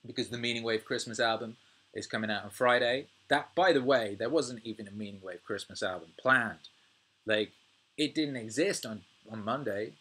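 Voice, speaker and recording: A British man in his thirties hosting a casual livestream, reading viewer comments, swearing freely and ranting with animated energy. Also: medium pitch, slightly rough. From United Kingdom. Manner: swears freely, animated rants, laughs often. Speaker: music producer and livestream host.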